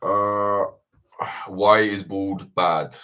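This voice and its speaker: A young man hosting a livestream Q&A, chatting casually, swearing a lot and ranting with animated energy. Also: deep voice, drawn-out words. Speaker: livestream host answering viewer questions. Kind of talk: casual chat.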